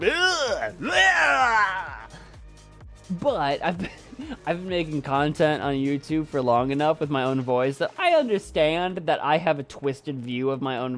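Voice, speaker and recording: A man chatting casually with viewers in a calm, soft voice, halting with many restarts as he chokes up. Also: on the high side. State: choking up. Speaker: YouTube creator and poet. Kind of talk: casual live chat with viewers.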